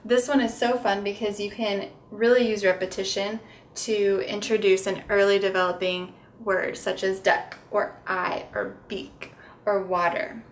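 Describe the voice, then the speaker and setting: A young woman speaking as a speech therapist, her pitch sitting in an ordinary middle range. She walks through a picture book step by step and slips into sing-song, exaggerated sounds meant for toddlers. A faint steady hiss sits under the recording. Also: unhurried. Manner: explains plainly, then breaks into sing-song, exaggerated toddler-directed sounds. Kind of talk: instructional demonstration.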